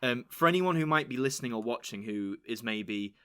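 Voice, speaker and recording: A chatty man from England hosts a relaxed interview. He talks in an animated way, often jumping up into high quoted voices. His voice has a bright, forceful edge. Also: brisk, clean tone. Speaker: podcast host. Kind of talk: casual interview chat.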